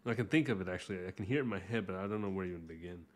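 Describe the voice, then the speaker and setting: Male streamer-artist, lowish voice, loose rambling chat with self-mocking jokes, mumbles as he works. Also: rapid-fire, slight background noise. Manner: talks while drawing, trailing off into soft mumbles. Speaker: artist hosting a drawing livestream. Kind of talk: casual livestream drawing commentary.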